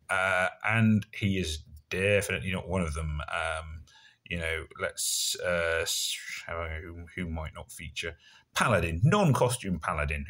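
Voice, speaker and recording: Low-voiced rambling Somerset man. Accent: Somerset English. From Somerset, England. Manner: rambling and self-deprecating, with many fillers. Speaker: gaming video creator. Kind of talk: casual gameplay commentary.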